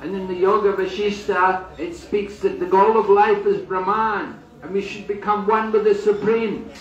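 A man's voice: sits high, fairly even intonation, far from the mic, muffled recording. Man telling a sacred story with echo. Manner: unhurried storytelling with acted quotes and restarts. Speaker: swami giving a talk at a holy site. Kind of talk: storytelling sermon on a pilgrimage. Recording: echoey, voice from away from the mic.

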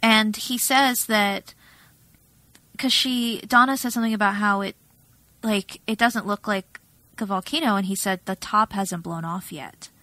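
A woman co-hosting a podcast in casual chat, measured and explanatory, laughing easily. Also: mid-range voice, pushed and bright, dry recording, poor audio. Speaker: podcast co-host.

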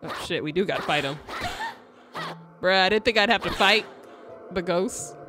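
A woman's voice: lowish voice, normal speed, over music. A young woman streamer giving joking, slangy commentary while playing a game. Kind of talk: casual gameplay commentary.

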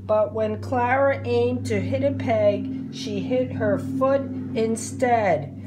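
A woman narrating a children's picture book aloud, clear and expressive. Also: a little high, very noisy. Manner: slow, clear, expressive storytelling.

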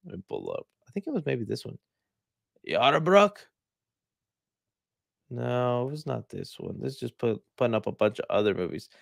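A man's voice: medium pitch, lively intonation, normal speed, vocal fry, long pauses, dry recording, clean studio sound. A man who reviews movies, giving casual reaction commentary with rambling, jokey asides.

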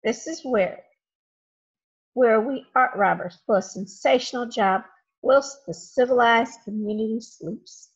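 A scheming male art thief brags in a showy, pompous voice, as a woman reading a storybook puts him on. The tone is raised and husky. It sounds dull and lo-fi. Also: fairly high pitch, a little slow. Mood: boastful. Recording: dull lo-fi home recording.

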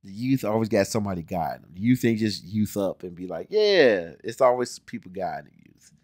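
Hosting a casual video, a 40-year-old Ohio man with an American accent reacts to a music video, swinging from loud exclamations to muttered asides. His voice is on the low side, sing-song and fairly quick, captured in studio quality with no echo.

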